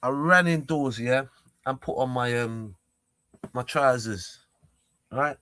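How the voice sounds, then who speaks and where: A man's voice: medium pitch, slow. A young man tells a story casually, acting out a heated argument with lots of repeats and quoted lines. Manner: animated, repetitive, acts out confrontations. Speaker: vlogger.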